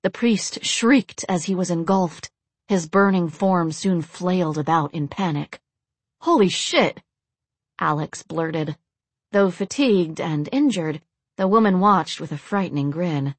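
A woman reading a novel aloud in steady, measured narration. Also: lowish voice, no echo. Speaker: audiobook narrator. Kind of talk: scripted narration.

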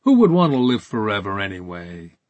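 A man's voice: on the low side, big pitch swings, brisk, darkish tone, no room sound, highs cut off. A man voicing a sneering mocking interrogator. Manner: taunting and sarcastic. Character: menacing, mocking male interrogator.

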